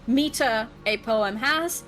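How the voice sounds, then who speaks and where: A woman's voice: on the high side, slow, a bit bright, faint music behind. A woman in her twenties chatting casually on a stream, blunt and ranting, swearing freely. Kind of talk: casual chat.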